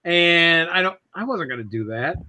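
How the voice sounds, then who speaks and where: A man's voice: a little high, lively intonation, moderate pace, pushed and bright. A man hosting a casual talk show, telling a rambling home-repair story and acting out the other people's voices. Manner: rambling anecdotes, acts out quoted voices. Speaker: podcast host.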